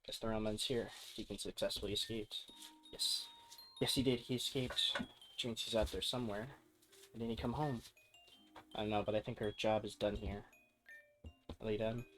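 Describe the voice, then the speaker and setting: A man's voice: on the low side, fairly even intonation, normal speed, pauses often, a bit bright, soft background music. A man streaming a game, reading the characters' dialogue aloud casually and lightly voicing each one.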